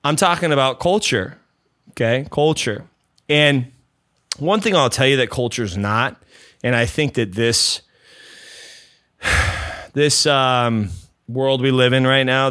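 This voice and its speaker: A man's voice: medium pitch, a bit bright, clear, resonant tone, dry recording, studio quality. A man hosting a leadership podcast, rambling and self-mocking, with a slight country twang. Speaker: podcast host. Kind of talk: casual podcast monologue.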